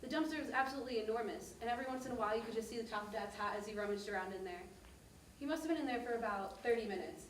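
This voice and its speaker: In a very fast, fairly high, lightly acted voice, an actor narrates a stage monologue as a mother warmly recounting a detailed family trip to her daughter. The theater recording is distant and echoey, with a little hiss or hum.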